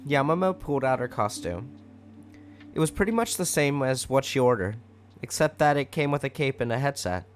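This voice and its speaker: Male storyteller, mid pitch, casual fanfic reading with wry asides. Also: animated, a little fast, soft background music. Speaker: fanfic narrator.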